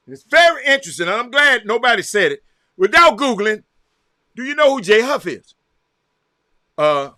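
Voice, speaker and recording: A man with a Southern American accent hosting a casual livestream, reacting loudly to a game and calling out viewers by name. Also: sits high, dry recording, clean studio sound. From Texas. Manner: excitable, reacts loudly to a game while chatting; addresses viewers by name, repeats himself. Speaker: livestream host. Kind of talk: casual chat with live viewers.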